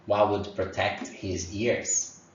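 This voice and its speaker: A man teaching an online lesson to young children, speaking in a slow, encouraging way and sounding out animal noises. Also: fairly low pitch, level tone, a little hiss or hum. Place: room at home. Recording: echoey, distant, dull home recording.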